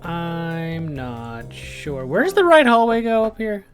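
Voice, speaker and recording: Tired, low-key let's play commentator. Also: expressive, slow pace, soft background music. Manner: musing aloud, low-key. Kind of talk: casual game commentary.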